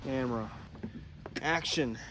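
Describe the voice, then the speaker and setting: A young man grumbles and swears through a car repair, talking to himself in an ordinary mid-range voice. It is recorded outdoors at night, with clear noise and clicks behind him. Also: medium pitch, slow. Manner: frustrated, swearing, muttering to himself. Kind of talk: profane self-filmed repair vlog.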